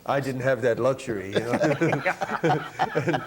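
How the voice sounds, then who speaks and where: A middle-aged man from Buffalo, New York, a jazz saxophonist telling lively anecdotes in a casual interview, laughing and acting out what others said. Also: mid-range voice, slow, noisy background. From Buffalo, New York, USA. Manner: animated, laughing storyteller who acts out quotes. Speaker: guest musician, jazz saxophonist.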